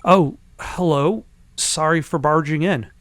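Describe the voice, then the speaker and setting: A man's voice: fairly high pitch, slow pace, a bit bright, no room sound. A man voicing a determined young woman investigator in a video game, in his own voice, pressing with questions. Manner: persistent, questioning.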